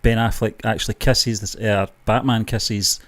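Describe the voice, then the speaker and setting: A man co-hosting a casual film review, speaking in a measured, opinionated way and repeating his points. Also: fairly low pitch, fairly even intonation, fairly bright tone. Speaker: podcast co-host.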